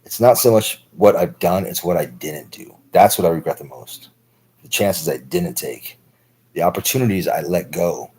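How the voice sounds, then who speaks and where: Man, 30s, stream host. Low, husky, loose profane monologue. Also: animated, moderate pace, darkish tone, rough recording. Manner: profane, rambling, heavy use of filler words. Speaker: livestream host. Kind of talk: rambling monologue.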